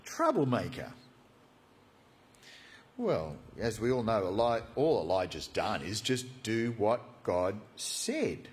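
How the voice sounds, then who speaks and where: A man preaching a sermon, animated and jokey, acting out the story. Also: on the low side, a little slow, few pauses. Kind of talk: expository sermon.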